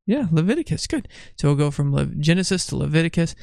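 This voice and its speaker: A middle-aged man, a father, leading a morning devotion at home, gently coaxing a small child and reading scripture aloud. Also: fairly high pitch, very animated, quick pace, vocal fry, no echo, studio quality. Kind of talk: casual devotional chat with Bible reading.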